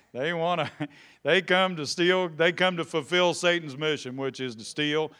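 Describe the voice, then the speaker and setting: A man pastor preaching a lively sermon in church, calling out to people in the congregation by name and rising to loud shouts. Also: a little high, a little slow, clean tone.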